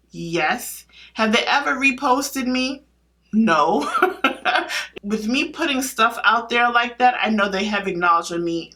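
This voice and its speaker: A woman giving her opinions in a casual vlog, blunt and emphatic, asking herself rhetorical questions and answering them. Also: medium pitch. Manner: blunt and animated, with casual slang. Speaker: beauty vlogger.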